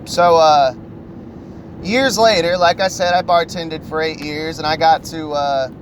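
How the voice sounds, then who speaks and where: A man spins loose personal stories on his podcast, swearing freely and padding every thought with fillers. His voice sits a touch high for a man. Steady noise hums behind the recording. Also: measured pace. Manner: rambling, profane, full of fillers. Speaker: podcast host. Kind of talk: casual storytelling.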